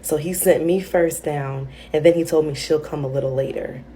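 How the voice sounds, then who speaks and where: A woman's voice: low voice, steady tone, moderate pace, warm tone, a little hiss or hum. A woman, a mother, telling a family story in a dry, matter-of-fact way. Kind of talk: casual storytelling.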